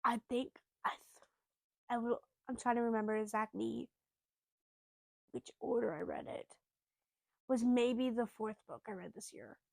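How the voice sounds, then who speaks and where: A woman's voice: fairly high pitch, a little slow, gravelly, pauses often, no echo. Chatty young woman, dry close sound. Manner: rambling, chatty, emphatic, often dropping to a soft whisper. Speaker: vlogger. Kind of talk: casual chat about books.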